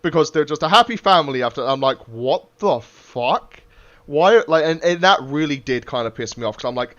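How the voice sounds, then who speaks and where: A man's voice: a little high, animated, fast, a bit bright. A man hosting a podcast in casual chat; he swears freely and acts out quotes. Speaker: podcast host. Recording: muffled lo-fi podcast audio.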